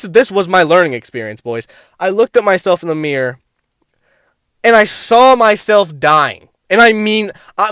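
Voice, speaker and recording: Young male vlogger, higher-pitched, profane and rambling, dry close sound. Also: a bit bright, no room sound. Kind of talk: casual storytelling to camera.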